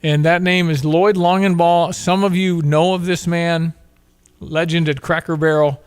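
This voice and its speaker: A man's voice: fairly high pitch, steady tone, measured pace, clear, resonant tone, dry recording. A male talk show host with a slightly raised voice tells a story with earnest conviction. He leans on his points emphatically and turns them into moral lessons. His delivery feels like a personal talk-show monologue.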